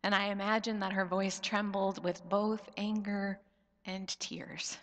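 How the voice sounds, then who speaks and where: A woman pastor in her thirties preaching a sermon, slow and reflective, her voice often dropping soft at the ends of phrases. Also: medium pitch, level tone. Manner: slow, reflective storytelling with soft drops in volume. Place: church sanctuary. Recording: long church reverb.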